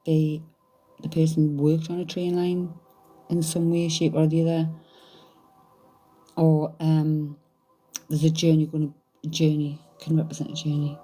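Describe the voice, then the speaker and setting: A woman's voice: low voice, completely flat delivery, unhurried, long pauses, warm tone, soft background music. A woman doing a psychic reading, thinking aloud in a hesitant, searching way. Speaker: psychic medium. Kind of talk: live medium reading.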